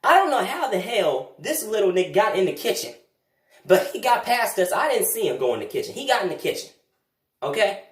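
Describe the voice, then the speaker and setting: Young guy doing a funny storytime, goes loud then mutters low, echoey and far from the mic. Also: fairly quick. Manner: animated, swings between loud outbursts and low mutters. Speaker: vlogger. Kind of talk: comedic storytime monologue. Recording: roomy, distant from the mic.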